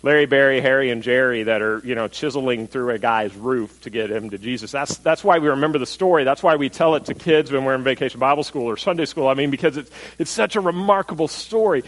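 Speaking quickly in a mid-range voice with hardly any pauses, a pastor delivers a sermon that retells a scripture story like a conversation. He questions his audience and performs the crowd's lines with animated storytelling, captured on a low-quality recording.

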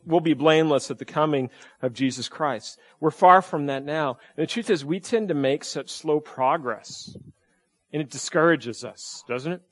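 A pastor with a fairly high voice preaches to his congregation. He keeps it conversational and throws out rhetorical questions, often repeating and restarting phrases as he goes. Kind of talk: sermon.

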